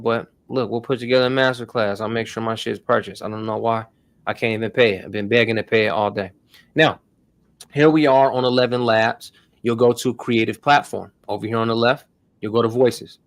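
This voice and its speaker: A man's voice: mid-range voice, no echo. A man hosting a casual tech tutorial stream, talking loosely in slang to his viewers. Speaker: host.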